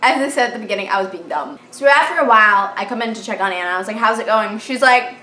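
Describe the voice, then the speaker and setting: Animated teenage girl, bright echoey voice. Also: on the high side, fast. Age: teens. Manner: animated, dramatic retelling with valley-girl fillers. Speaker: vlogger. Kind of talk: storytime vlog. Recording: echoey room with faint hiss.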